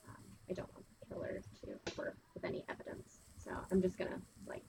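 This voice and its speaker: A woman playing a tabletop game speaks fast but hesitantly, with many fillers, in casual play. There's noise in the background.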